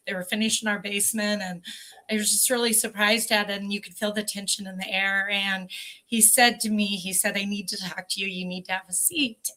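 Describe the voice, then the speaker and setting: A woman's voice: medium pitch, pushed and bright. A woman in her forties, a podcast guest telling an emotional personal story earnestly, with many fillers.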